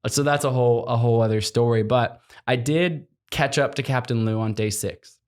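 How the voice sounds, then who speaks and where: Animated man telling a story. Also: mid-range voice, normal speed. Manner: animated storyteller, acts out quotes, laughs often. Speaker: guest, explorer. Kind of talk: storytelling in a podcast interview.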